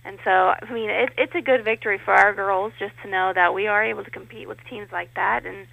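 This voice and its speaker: A woman, a head softball coach, recapping a game in a relaxed, matter-of-fact way with fillers, heard over a phone line in a radio interview. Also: mid-range voice, brisk, gravelly, dry recording.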